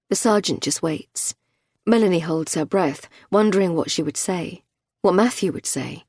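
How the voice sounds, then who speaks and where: A woman narrating a thriller audiobook in a measured storytelling manner. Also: fairly low pitch, darkish tone, breathy edge, dry recording, clean studio sound.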